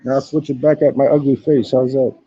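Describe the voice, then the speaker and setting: A man's voice: medium pitch, flat delivery, brisk, warm tone, muffled recording, a little hiss or hum. A man doing a casual live-stream walkaround of a hostel, talking into his phone. He is laid-back, swears often and keeps saying "man". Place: hostel in Thailand. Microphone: phone camera.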